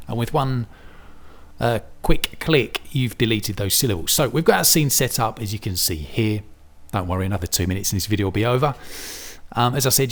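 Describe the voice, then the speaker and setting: A man teaching English word stress in a chatty, self-deprecating demonstration, thinking aloud as he works through a virtual reality app. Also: lowish voice. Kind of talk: demonstration tutorial.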